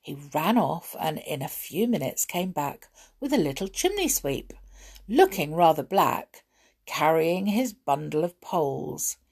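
A woman reading a children's storybook aloud in an expressive, measured storytelling manner. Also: deep voice, creaky, slightly rough.

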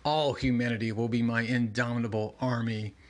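A man's voice: mid-range voice, level tone, a little fast, natural voice. Brief: growling, arrogant ancient demon god, menacing and grand, voiced by a man for a comic read-aloud. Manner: strained growling monster voice.

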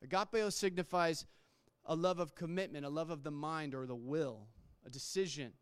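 A man's voice: fairly high pitch, normal speed, smooth, no room sound. A man preaching a sermon in a conversational way, restarting words and acting out quotes. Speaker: pastor.

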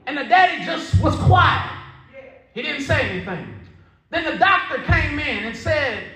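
A Southern pastor preaches with a very high, bright voice. His pitch swings widely as he moves from storytelling into shouted calls to the congregation. The sound rings in an echoey church hall. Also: sing-song, unhurried. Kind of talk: sermon.

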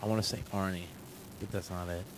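A comedian hosting a casual podcast chat at home, a little drunk, rambling and trailing off. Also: male voice, low voice, fairly even intonation, fast talker, background noise.

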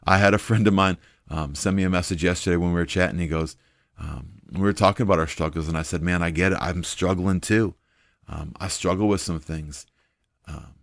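A man's voice: deep voice, no echo, clean studio sound. A man preaching an informal sermon in an earnest, conversational way, with frequent fillers.

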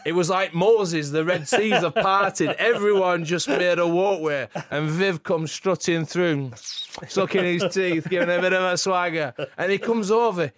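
A man co-hosting a podcast, telling animated stories with frequent laughter in casual chat. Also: high-pitched, dry recording. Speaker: podcast co-host.

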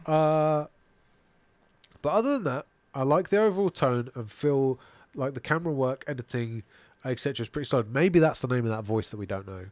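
A man's voice: mid-range voice, animated, brisk, a little mellow, no echo. A British man co-hosting a podcast, chatting casually and reading out viewer comments with easy laughs and loose swearing. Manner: easygoing, laughs and swears freely. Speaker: podcast co-host.

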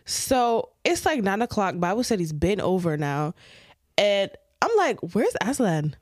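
Animated young woman telling a story. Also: mid-range voice, measured pace, dry recording, clean studio sound. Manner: animated, dramatic storyteller acting out scenes. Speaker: podcast co-host. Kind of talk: casual storytelling chat.

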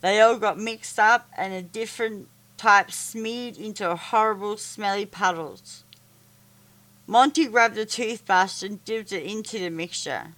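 A woman reading a children's story aloud, halting with stumbles and restarts. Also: medium pitch, fairly bright tone.

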